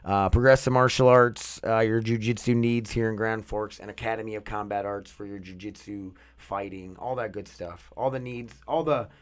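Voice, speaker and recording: A man's voice: lowish voice, steady tone, normal speed, few pauses. A man hosting his own podcast, talking alone in a rambling, loose way with lots of swearing. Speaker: podcast host. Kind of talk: casual solo podcast monologue. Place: outdoors walking dogs.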